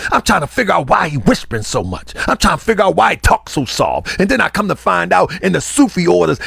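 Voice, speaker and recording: A man's voice: mid-range voice, vocal fry, husky, dry recording. A man, a religious teacher and show host, delivering a heated, confrontational online rant full of scolding repetition.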